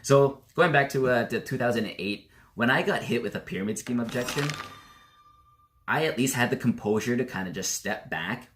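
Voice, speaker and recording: A man in his thirties talks straight to camera in a casual vlog. His voice climbs and dips with lively swings as he tells his stories. He acts out old heated arguments with gusto. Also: medium pitch, normal speed. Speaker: network marketing vlogger.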